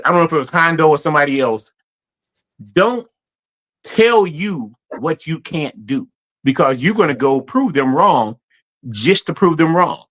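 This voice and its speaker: A man in casual podcast chat, telling animated stories, acting out quotes and laughing often. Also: fairly high pitch. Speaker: guest player.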